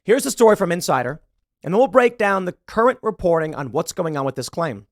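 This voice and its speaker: A man's voice: sits high, sing-song, brisk, no echo, studio quality. A man hosting a political commentary show, talking bluntly and heatedly, swearing and restarting sentences. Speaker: show host.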